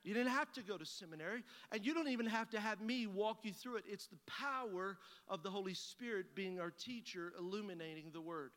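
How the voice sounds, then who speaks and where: A man's voice: sits high, a little fast, few pauses, fairly bright tone. A man preaching a sermon as pastor, telling a folksy personal story and acting out both sides of the conversation. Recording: long hall reverb.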